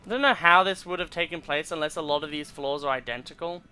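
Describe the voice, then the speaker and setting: A man's voice: fairly high pitch, fast, sharp tone, smooth. A young man giving casual commentary while he plays a game, rambling and reading in-game text aloud with stumbles. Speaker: gameplay streamer.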